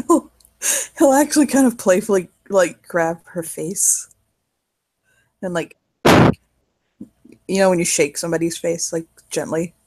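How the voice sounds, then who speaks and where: Slow, husky woman narrating role-play. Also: lowish voice, a little mellow. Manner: giggly, loose, lots of "like". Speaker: player in a spoken role-play.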